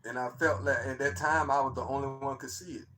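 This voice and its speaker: A man, excitedly commenting on his own phone footage for a live chat, repeating himself and tossing slang asides. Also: mid-range voice, fast, a little hiss or hum. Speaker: streamer showing his own sky footage. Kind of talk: casual live-stream commentary.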